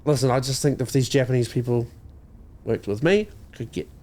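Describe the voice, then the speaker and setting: A man's voice: medium pitch, a little fast, a little mellow. A man from New Zealand, co-hosting a comedy podcast, ranting and joking crudely with lots of swearing. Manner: profane, ranting, slips into mock voices. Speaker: podcast co-host.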